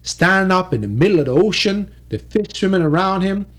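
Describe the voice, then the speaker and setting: Lively rhythmic male folk storyteller. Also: high-pitched, fairly quick. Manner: rhythmic dialect storytelling with repetition. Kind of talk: oral folk-tale telling.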